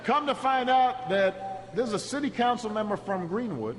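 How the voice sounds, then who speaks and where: A man giving a storytelling speech at a podium, halting and repeating words as he restarts, and rising to a rousing, shouted close. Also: sits high. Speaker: political speaker. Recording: echoey hall with steady background noise.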